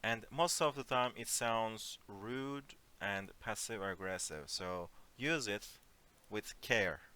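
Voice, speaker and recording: A man teaching an online Turkish lesson in English, explaining phrases slowly and giving spoken examples. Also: fairly low pitch, sharp tone, clean tone. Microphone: computer mic on a voice call.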